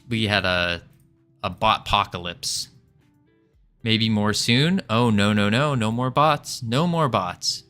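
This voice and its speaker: A man's voice: fairly low pitch, bright, forceful tone. A man chatting playfully on a livestream while building a game, joking with his viewers. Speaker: streamer and game developer. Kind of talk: casual livestream chat.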